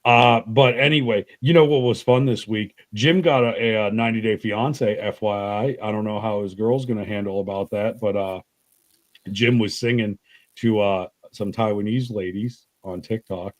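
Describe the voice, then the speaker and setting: A man co-hosting a casual livestream chat, telling stories with lots of swearing and lively quoted voices. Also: fairly low pitch, moderate pace, no echo, rough recording. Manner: profane, animated storyteller with lively put-on quotes. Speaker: co-host of a livestream.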